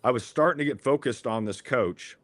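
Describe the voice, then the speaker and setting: A man's voice: medium pitch, fairly quick, a bit bright, no room sound. A man, a former athletic director, telling an earnest, rambling story with many restarts in a podcast interview.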